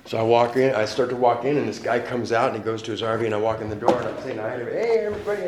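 A man's voice: mid-range voice, level tone, rapid-fire, reverberant, noisy background. A man giving a candid, profane personal testimony at a recovery meeting, laughing often.

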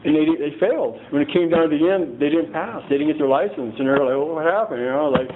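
A man telling his own story to a group at a recovery meeting, rambling and halting, with many restarts and a lot of "you know" and "man.". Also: fairly high pitch. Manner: earnest, plain-spoken. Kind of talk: unscripted personal testimony. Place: meeting room in front of a group. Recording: tinny phone-like sound with faint hiss.

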